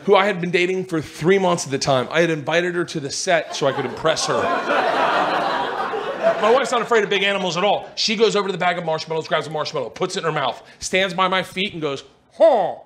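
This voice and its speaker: A man, a stand-up comedian, animatedly telling a story to a live audience and acting out the other people's voices, shouting at the peaks. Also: high voice, fast, crowd noise. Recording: live stage recording with loud audience laughter. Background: audience laughter and noise.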